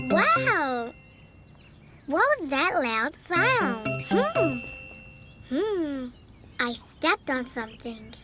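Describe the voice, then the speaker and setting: Picture a very high, bouncy young bunny boy, curious and playful, as a woman puts him on. He talks at a slow, drawn-out pace with big swoops up and down, like he is teaching toddlers. Loud children's music plays behind him. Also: very animated, heavily acted. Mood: excited cheerful. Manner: slow, sing-song, exaggerated for small children. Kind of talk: children's learning video.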